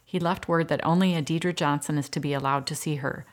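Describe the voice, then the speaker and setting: A man's voice: on the high side, steady tone, brisk, lightly acted. A woman reading the lines of a male nurse, polite and businesslike. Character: brisk young male nurse.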